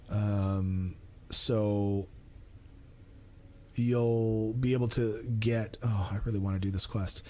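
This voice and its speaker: A man live-streaming a game in casual chat, thinking aloud, mumbling asides and teasing himself. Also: mid-range voice. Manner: self-mocking and playful.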